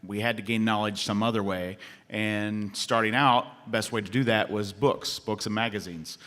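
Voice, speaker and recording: A man's voice: on the low side, fairly even intonation, normal speed, fairly bright tone. A man presenting to a panel audience in a casual, explanatory way, with many ums. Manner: filler-heavy, casual, explanatory. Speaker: panel speaker. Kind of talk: convention panel talk. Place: convention panel room. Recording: long hall reverb.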